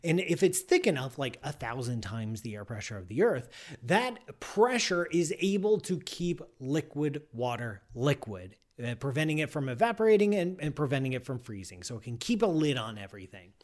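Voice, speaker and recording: A man's voice: medium pitch, very animated, moderate pace. A man hosting a live science show, talking casually and playfully, ranting in mock outrage and rambling off on digressions.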